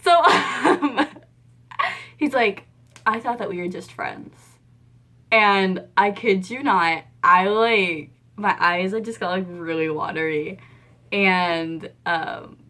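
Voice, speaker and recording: Animated young woman telling a story. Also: mid-range voice, slow pace. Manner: animated, acts out quoted dialogue, laughs often. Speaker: vlogger. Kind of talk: casual storytime.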